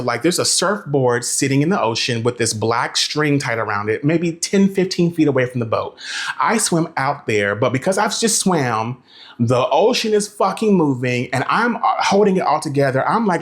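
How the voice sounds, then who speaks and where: Male travel vlogger, comic storyteller; sassy, profane, dramatic delivery, slightly high pitch.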